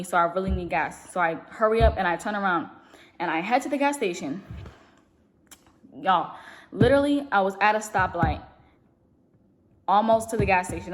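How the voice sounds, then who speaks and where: A young woman vlogger telling a long story in a casual, rambling way, talking fast and full of fillers. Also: medium pitch. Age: young adult. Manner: speaks fast.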